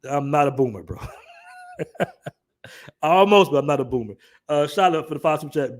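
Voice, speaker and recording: Animated slangy man hosting a livestream. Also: on the high side, moderate pace, pauses often. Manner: animated, slangy, joking with his chat. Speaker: livestream host. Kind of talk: casual chat.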